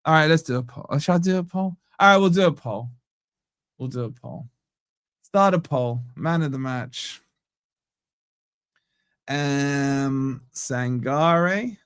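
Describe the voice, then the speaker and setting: A man's voice: on the high side, slow pace, a bit bright, clear, resonant tone, no room sound, studio quality. A young man hosting a live football fan reaction stream, rambling and joking while he interrupts himself. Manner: rambling, self-interrupting, jokey. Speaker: fan channel host.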